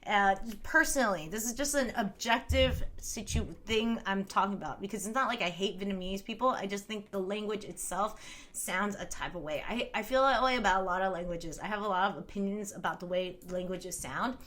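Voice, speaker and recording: A woman in her thirties hosts a casual live stream with a bright, forceful voice. She rambles freely, laughs often and reads out comments from her viewers. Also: medium pitch, fairly quick. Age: 30s.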